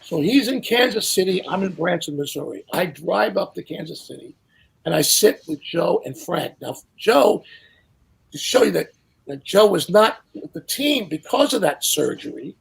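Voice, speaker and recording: An older man telling casual anecdotes as a guest, animated and acting out the people he quotes. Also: sits high, normal speed, gravelly, slightly rough. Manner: animated storyteller who acts out quotes. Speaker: guest storyteller.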